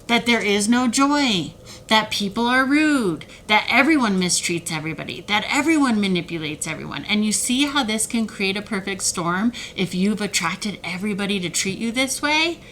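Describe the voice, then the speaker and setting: A woman talking straight to the camera about manipulation in a heated, animated way, sometimes mocking the voices of others. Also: mid-range voice, normal speed, slight background noise, poor audio. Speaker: self-help video creator. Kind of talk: emotional direct-to-camera talk.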